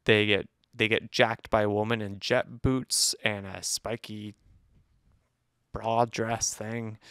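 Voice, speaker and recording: A man's voice: on the low side, flat delivery, takes it slowly, fairly bright tone, dry recording, clean studio sound. A man co-hosting a movie review podcast, chatting casually and teasing his co-host in a loose, rambling way.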